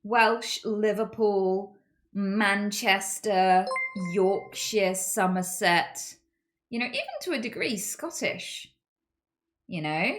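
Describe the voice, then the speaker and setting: A woman streaming, chatting casually with viewers in an animated, chatty way and swearing freely. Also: mid-range voice, takes it slowly, slight background noise. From United Kingdom.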